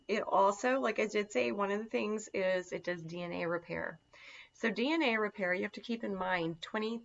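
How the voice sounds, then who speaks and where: On a dull, lo-fi recording, a woman with a fairly low, creaky voice teaches a casual lesson on herbal remedies. She's chatty and enthusiastic, using lots of fillers.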